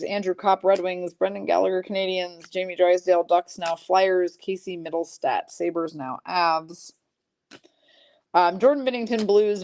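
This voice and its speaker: A woman hosting a live-streamed trading card break, briskly calling out each pull and teasing her chat viewers. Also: lowish voice, darkish tone, slight background noise.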